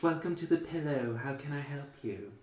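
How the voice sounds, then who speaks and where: A man voicing a prim, courteous female high elf who greets guests at an inn. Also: animated, moderate pace, lightly acted. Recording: roomy echo.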